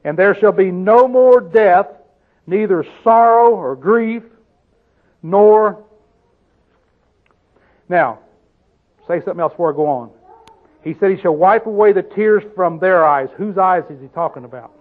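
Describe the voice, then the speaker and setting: A man preaching a Bible-teaching sermon, often asking his listeners questions and slowing down to stress the scripture he quotes. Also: high-pitched. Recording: tinny phone-like sound.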